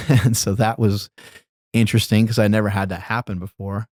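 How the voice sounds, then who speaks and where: Middle-aged man, low voice, casual rambling storyteller, dry close mic. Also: moderate pace, no echo. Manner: relaxed, rambling, laughs while telling stories. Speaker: podcast guest.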